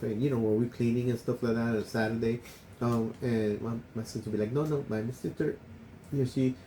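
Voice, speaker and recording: A man spins a childhood tale in relaxed conversation. His pitch sits in the middle. He drops into hushed, playful voices for the people in his story, with a faint hiss running underneath. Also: poor audio. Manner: animated, acts out quoted voices. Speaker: podcast co-host. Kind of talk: casual storytelling chat.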